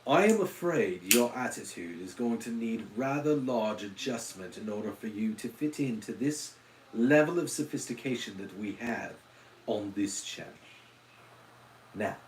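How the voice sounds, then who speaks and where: A man voicing a posh upper-class Englishman in an exaggerated posh English accent, lecturing in a haughty, drawn-out formal way. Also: medium pitch, lively intonation, a little hiss or hum, lightly acted. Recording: roomy echo.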